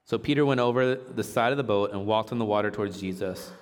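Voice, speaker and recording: A man with a fairly low voice talks fast through a casual, chatty sermon, reading scripture aloud and cracking jokes with a laugh. He teaches in a relaxed way, and the recording has long hall reverb.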